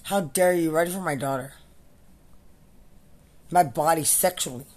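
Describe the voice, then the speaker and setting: A woman's voice: low voice, moderate pace, darkish tone. A woman and military veteran delivering an angry, profane and repetitive ranting monologue.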